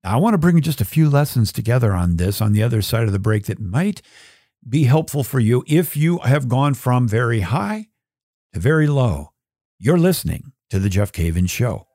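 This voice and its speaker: A man hosting a radio talk show, teaching a Bible story with animated storytelling and dramatized quotes. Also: mid-range voice, normal speed, dry recording, clean studio sound.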